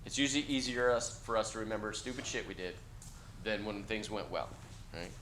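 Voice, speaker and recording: A middle-aged man lecturing students in a classroom with a bright, forceful voice. He keeps it loose and blunt, checking in with "okay?" and dropping the odd swear. There is a faint hiss in the background. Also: lowish voice, steady tone, a little fast. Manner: conversational, blunt, peppers lines with "okay?" and casual swearing. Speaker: university lecturer.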